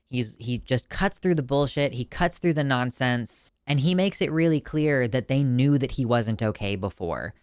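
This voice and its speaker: A man's voice: mid-range voice, expressive, normal speed, hardly any pauses, smooth, no echo, studio quality. A man reviewing a film in a casual video, talking in a chatty, emotional way with lots of fillers and restarts.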